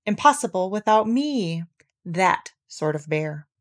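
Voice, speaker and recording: A woman voicing a simple, humble male bear who speaks slowly and earnestly. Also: fairly low pitch, big pitch swings, vocal fry, full character voice. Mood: proud.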